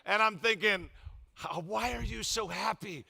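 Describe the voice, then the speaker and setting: Bright, animated older male pastor. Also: high voice, a little slow, vocal fry, husky. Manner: humorous storytelling, animated, loud emphatic bursts. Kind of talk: sermon.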